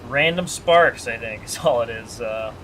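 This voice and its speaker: Bright-voiced chatty male game streamer. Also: medium pitch, a little slow, slight background noise. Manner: chatty, joking, reads chat aloud. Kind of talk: casual live-stream chat.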